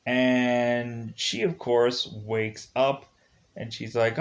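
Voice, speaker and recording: A man's voice: medium pitch, steady tone, slow pace. A man giving a casual spoken movie review, retelling the plot in a rambling way with many fillers and restarts. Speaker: film reviewer.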